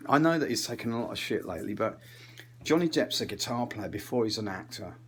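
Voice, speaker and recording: A man doing a rambling comic rant, swearing casually, losing his thread and drifting between muttered asides and louder bursts. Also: lowish voice, expressive, fast talker, slight background noise. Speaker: channel host.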